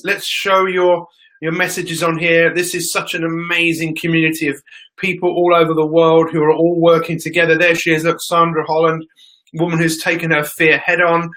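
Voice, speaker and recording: A man's voice: on the high side, sharp tone, rough recording. A man hosting a live-streamed motivational show, greeting viewers by name and talking with lots of energy. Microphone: phone.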